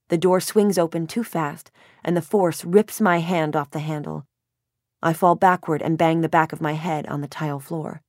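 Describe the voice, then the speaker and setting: A woman's voice: low-pitched, a little mellow, no echo, studio quality. A woman in her thirties narrating a first-person novel in a wry, self-mocking, emotional way. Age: 30s. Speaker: audiobook narrator.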